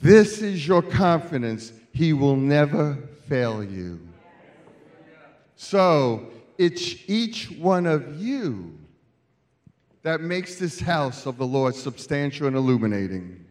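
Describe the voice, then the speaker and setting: A man preaching as a guest speaker at a church celebration, moving from quiet storytelling to loud calls to the congregation. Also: mid-range voice, sing-song, takes it slowly. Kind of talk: sermon.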